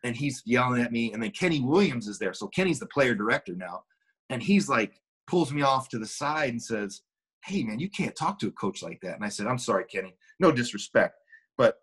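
A man's voice: mid-range voice, lively intonation, fairly quick, fairly bright tone, breathy edge. A middle-aged man, a former baseball player, casually telling a long anecdote with restarts and quoted dialogue. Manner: rambling, with many restarts and acted quotes.

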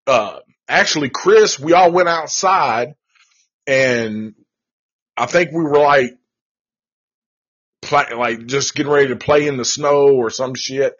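A man hosting a podcast, telling a ghost story in a casual, profane and animated way. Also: on the high side, breathy edge. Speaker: podcast host. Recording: dull lo-fi recording.

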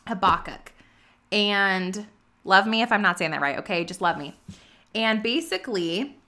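A woman vlogging casually about her faith, chatty and earnest, full of "like" and "you know", reading scripture aloud with quick personal reactions. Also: medium pitch, pushed and bright. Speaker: vlogger sharing a faith and business update. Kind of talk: casual faith vlog talk.

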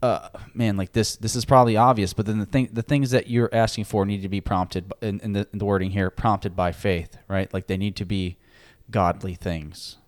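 Easygoing low-voiced man. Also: steady tone, no room sound. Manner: easygoing, affirming, quick to joke. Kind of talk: casual conversation about faith.

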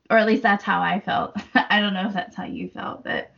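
A woman's voice: medium pitch, a little fast, vocal fry, hardly any pauses, a bit bright, lo-fi sound. A woman co-hosting a book podcast, chatting casually and laughing often as she talks through the story.

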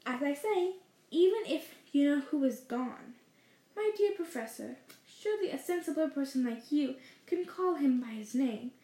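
A woman's voice: high-pitched, expressive, moderate pace, warm tone. Dumbledore, as a woman reads him, wise old wizard in a roomy room. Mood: genial. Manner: mild, genial, lightly playful. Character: wise, gently teasing old male wizard headmaster. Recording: roomy echo.

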